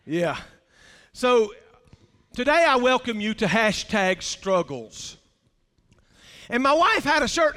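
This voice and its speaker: An older man preaching from the pulpit, his voice pitched very high and bright. He tells homely stories and stretches out words slowly to press a point home. The sound rings with the long reverb of a church hall. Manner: folksy storytelling with drawn-out emphasis. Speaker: pastor. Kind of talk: sermon. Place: church sanctuary.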